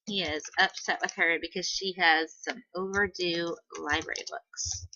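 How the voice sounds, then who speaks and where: A woman teacher giving a patient, step-by-step screen-recorded software tutorial on a computer microphone, with "um" fillers. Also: on the low side, fairly even intonation, unhurried, no echo, highs cut off.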